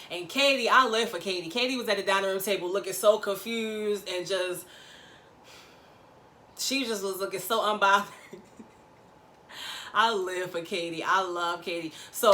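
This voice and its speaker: A woman recapping a reality show in a gossipy, slangy, animated chat, acting out quotes. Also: medium pitch, slight background noise.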